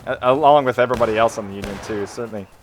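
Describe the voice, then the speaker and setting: A man's voice: on the low side, racing, a crowd in the background. A man live-streaming a game, chatting with viewers and calling orders to teammates. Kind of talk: casual live gameplay commentary.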